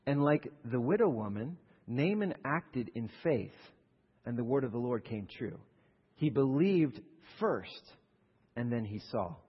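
Male pastor, storytelling sermon, husky tone, long hall echo. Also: medium pitch, big pitch swings, a little slow, highs cut off. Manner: storytelling, acts out the characters.

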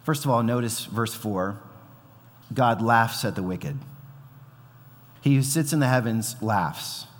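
A man in his thirties preaching to a congregation, talking casually and then bursting into acted-out voices. His voice sits at an ordinary pitch and carries a long reverb from the church hall around him. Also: slow, pauses often. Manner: conversational, animated, acts out quoted voices. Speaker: pastor. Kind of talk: sermon.

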